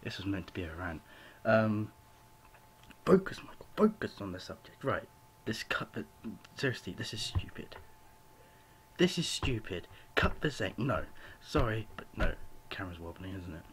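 Young guy ranting into his laptop mic at home, lowish voice, faint hiss behind. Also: expressive, normal speed, fairly bright tone. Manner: rambling, apologetic, full of "you know" fillers. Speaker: vlogger. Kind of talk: rambling home video rant. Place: home room with a cat.

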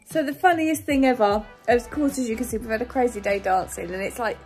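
A woman's voice: a little high, a little fast, darkish tone, soft background music. A woman chatting to camera in a casual vlog, tired and giddy, a chatty storyteller who laughs a lot. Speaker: vlogger.

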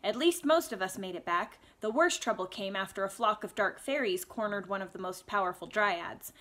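A woman's voice: medium pitch, moderate pace, sharp tone, close to an everyday voice. Brief: tired, grim male satyr fresh from battle, plain and unfussy, read by a woman. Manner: breathless, grim, matter-of-fact.

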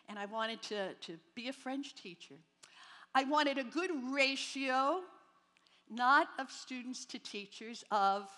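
Her voice is fairly high and a bit bright: a woman in her seventies, from New Jersey near New York City, speaking at a Christian rally. She tells her faith story to the audience with humor and candor, her words trailing into the long reverb of a large hall.

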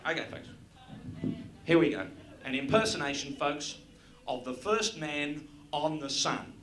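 A man's voice: a little high, animated, a little slow, a bit bright, a little hiss or hum. A man with an Australian accent doing a crude live stand-up routine, joking at the crowd. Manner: crude, brash jokes aimed at the crowd. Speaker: stand-up comedian. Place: stage in front of a live audience. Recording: roomy live venue recording with audience.

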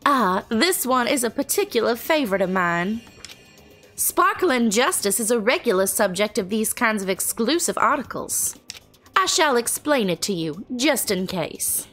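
A woman voicing a proper, morbidly curious foreign princess in a put-on American Southern accent, speaking in a formal, precise and measured way. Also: on the high side, very animated, fairly bright tone, soft background music. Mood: enthused. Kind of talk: reading game dialogue aloud.

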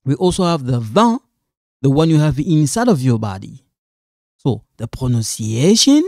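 A man's voice: medium pitch, very animated, moderate pace, a little mellow, no room sound, clean studio sound. A man teaching French, patiently repeating phrases for learners as he goes through a quiz. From Congo. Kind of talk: quiz walkthrough lesson.

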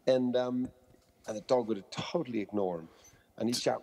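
Man, dog trainer guest, breathy husky tone, long echoing reverb, lively storyteller. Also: medium pitch, moderate pace. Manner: animated storyteller acting out quoted voices. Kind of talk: conversational podcast interview.

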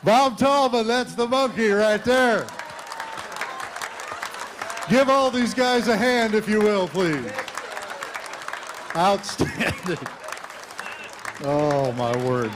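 A man hosting a live event, giving away prizes in a brisk, upbeat way while he talks to the audience. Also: high-pitched, crowd noise, background noise. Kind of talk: live emcee announcements.

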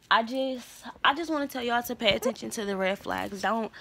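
A young adult woman vlogging a casual storytime, rambling, candid and profane, drifting between soft murmurs and louder bursts. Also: fairly high pitch, brisk, hardly any pauses.

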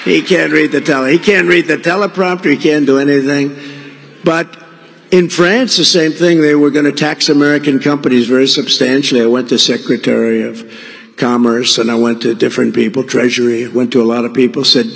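Rambling rally speech guy, kinda high voice, big echoey hall. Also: normal speed, creaky. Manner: rambling storytelling with acted-out quoted dialogue. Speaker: political candidate. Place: large venue.

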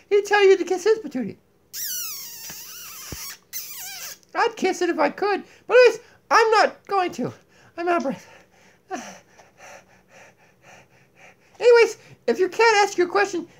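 A boastful female donkey puppet with a very high, squeaky voice, put on by a man, bossing everyone around and rambling with giggles. It sounds like a home video, recorded on a tablet mic in a kitchen. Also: lively intonation, normal speed, pauses often. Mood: gloating. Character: boastful silly female donkey puppet, self-crowned empress. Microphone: tablet built-in mic.

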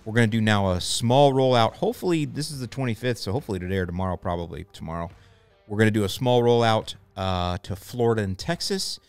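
A man's voice: on the low side, quick pace, clear, resonant tone, no room sound. A man hosting a podcast, talking casually and playfully, laughing often and rambling. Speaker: podcast host. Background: faint music.

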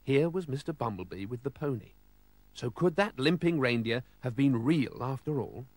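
A man reading a children's storybook aloud with lively, expressive storytelling. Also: mid-range voice, moderate pace, dry recording.

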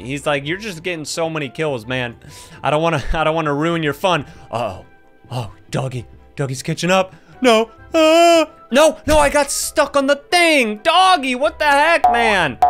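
A man giving excited Let's Play commentary, yelping and laughing as he talks to his viewers. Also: sits high. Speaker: gaming YouTuber.

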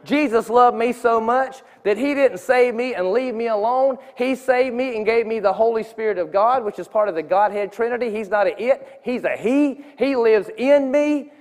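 A man's voice: extremely high pitch, normal speed, few pauses. A man giving an earnest, conversational testimony in a church sanctuary, often restarting his sentences. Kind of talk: informal sermon testimony. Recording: long reverb of a church hall.

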